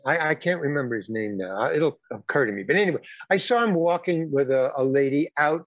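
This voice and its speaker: Older man, fairly high voice, rambling storyteller, halting restarts, dry close sound. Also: no room sound. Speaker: guest. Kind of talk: casual storytelling.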